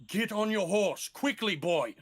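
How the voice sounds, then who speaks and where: A man voicing an urgent male ranger who barks loud orders in a commanding voice. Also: sits high, expressive, measured pace, voice pushed up. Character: urgent grown male ranger leading an escape.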